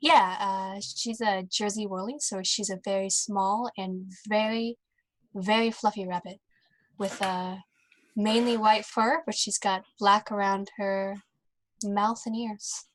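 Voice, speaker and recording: A woman playing a tabletop roleplaying game, speaking hesitantly with halting restarts. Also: medium pitch, fairly even intonation, no echo. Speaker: player.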